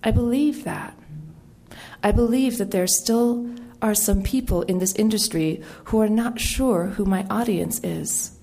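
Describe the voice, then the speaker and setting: A middle-aged woman from the United States, an author giving a storytelling talk in a wry, animated way with quoted voices. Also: mid-range voice, measured pace.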